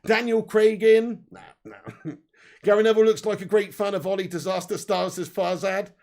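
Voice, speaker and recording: A man with a high, brisk, darkish voice hosts a live fan stream. He reads out viewer comments in loose, sweary chat and laughs often.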